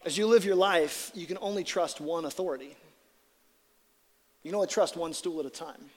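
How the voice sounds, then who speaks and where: A man with a fairly high voice preaches a sermon from the pulpit. He moves between casual, lively asides and slow, weighty scripture reading, and his voice rings with the long reverb of a big hall. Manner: conversational, animated preaching with dramatic scripture reading. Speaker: pastor.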